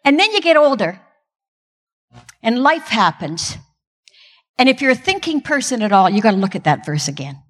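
Older woman, Christian speaker, higher voice, self-mocking humor, long hall echo. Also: very animated, moderate pace, long pauses. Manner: self-deprecating, comic timing. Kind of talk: humorous inspirational talk. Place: stage in a large hall.

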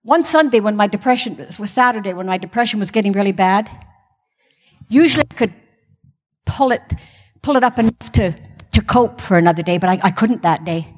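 A woman's voice: mid-range voice, a little fast. A middle-aged woman, a pastor's wife, candidly telling a church congregation her own story with self-mocking humor. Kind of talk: personal testimony talk. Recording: long hall reverb.

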